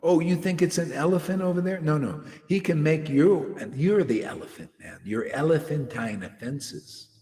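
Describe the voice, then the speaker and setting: A man's voice: fairly high pitch, animated, normal speed, few pauses, dark tone. A man giving an informal, confrontational devotional sermon, rambling and often asking "see?" to his listeners. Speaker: preacher. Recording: echoey hall with long reverb.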